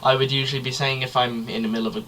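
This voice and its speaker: A man's voice: mid-range voice, little pitch movement, rapid-fire, sharp tone, a little hiss or hum. A young man co-hosting a casual podcast, rambling and chatty, swearing loosely. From Britain. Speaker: podcast co-host. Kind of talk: casual chat.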